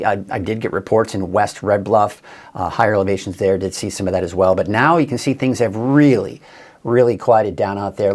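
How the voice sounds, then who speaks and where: A man giving a casual, chatty live weather forecast as a TV meteorologist, upbeat and a bit tired, with many fillers and restarts. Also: lowish voice.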